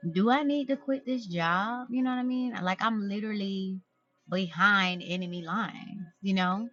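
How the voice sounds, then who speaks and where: A woman's voice: medium pitch, bright, forceful tone. Chatty woman podcast host, lo-fi sound. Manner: chatty and gushing, talks straight to listeners. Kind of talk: casual solo podcast chat.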